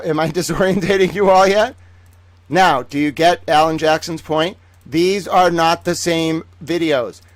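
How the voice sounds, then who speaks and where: Guy streaming live, kinda high voice, super animated, goes quiet then loud, dry close mic. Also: dry recording. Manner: animated, theatrical, swings between hushed asides and loud bursts. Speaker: livestream host. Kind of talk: excited livestream chat with viewers.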